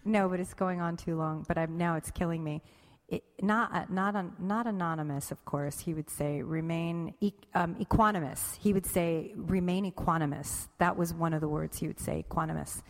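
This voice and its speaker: A woman's voice: on the low side, fairly even intonation, a little fast, long reverb tail. A woman chatting casually on a podcast, rambling and correcting herself mid-sentence, often breaking into laughter. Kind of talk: casual conversation about meditation.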